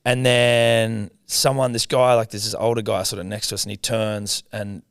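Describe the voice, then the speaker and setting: A man's voice: on the low side, little pitch movement, normal speed, creaky, smooth, dry recording, clean studio sound. An Australian man hosting a casual interview, talking in a loose, sweary, chatty way. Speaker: host.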